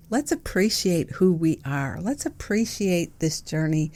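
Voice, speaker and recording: A woman's voice: unhurried, few pauses. Playful, giggly woman podcast host. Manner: playful, giggly and affectionate, with bursts of excited high notes. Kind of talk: casual solo podcast chat. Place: home office at a desk.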